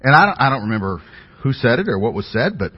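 A man's voice: mid-range voice, sing-song, fast talker, breathy edge. A man preaching a sermon as a pastor, telling stories about himself in an earnest, self-deprecating way. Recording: dull audio with long hall reverb.

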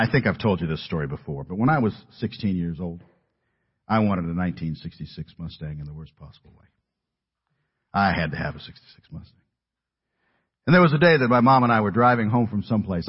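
A middle-aged man preaching a sermon in an earnest, emphatic way, dropping his voice low at key words. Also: husky. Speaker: pastor. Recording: dull lo-fi audio.

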